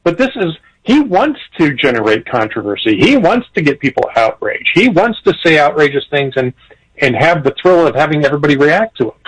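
A man discussing politics on a radio talk show, animated, chuckling, with frequent restarts. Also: a little high, brisk, breathy edge, low-quality recording. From Irish heritage. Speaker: political commentator.

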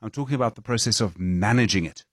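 A man hosting an interview who asks measured, detailed questions and murmurs quiet agreement while his guest talks. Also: fairly low pitch, husky, no echo, studio quality. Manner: measured, lots of quiet back-channel agreement. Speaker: interview host.

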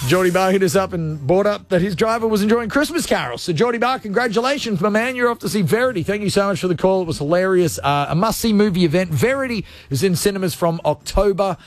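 A man's voice: high-pitched, fast talker, few pauses, no echo. A man hosting a casual talk radio show in loose, cheeky banter. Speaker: radio host.

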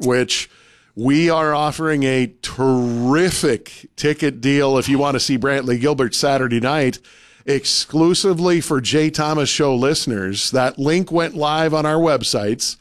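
A man co-hosting a radio show, chatting casually and reading out event listings in a brisk, list-like way. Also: mid-range voice, no echo, clean studio sound. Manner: reads event details in a brisk, listy way. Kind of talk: casual radio chat and announcements.

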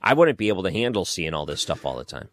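Male host, very low voice, reflective responses, dry sound. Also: big pitch swings, fast talker, fairly bright tone, dry recording. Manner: responds with short reactions and reflective comments. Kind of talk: conversational interview.

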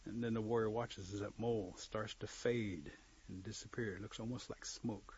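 A man telling a traditional story aloud, animated, swinging between loud and soft, with joking asides. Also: lowish voice, normal speed, breathy edge. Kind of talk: oral storytelling. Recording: dull lo-fi recording.

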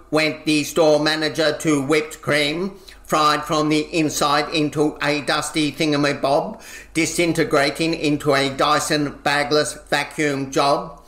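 A man performing comic spoken-word poetry in a rhythmic, deadpan delivery, recorded with a roomy echo. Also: fairly high pitch, unhurried. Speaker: performance poet.

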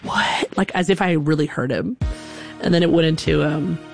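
A woman's voice: low-pitched, brisk, vocal fry, darkish tone, faint music behind. A woman doing stand-up, telling a story animatedly, laughing mid-sentence and acting out songs. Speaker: stand-up comedian.

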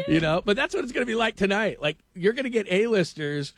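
A man's voice: high voice, brisk, hardly any pauses, a bit bright, a little hiss or hum. A man hosting a sports radio show, telling a story in a rambling way, with many fillers and frequent laughter. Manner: rambling, laughs often, lots of fillers and restarts. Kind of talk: casual morning radio chat and storytelling.

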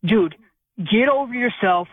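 A man calling in to a sports radio show, sounding worked up and exasperated. His voice sits high and comes over a dry, tinny phone line. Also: animated, unhurried, no echo. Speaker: caller. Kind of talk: call-in radio talk.

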